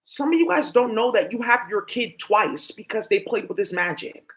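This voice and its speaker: A woman's voice: mid-range voice, animated, moderate pace. A woman vlogger talking to camera in a rambling, emphatic monologue full of swearing.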